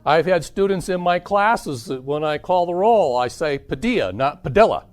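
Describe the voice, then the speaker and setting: A man teaching a parenting seminar to a live audience, keeping it lively by asking the listeners questions. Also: on the high side, normal speed, smooth. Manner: animated, asks the audience questions.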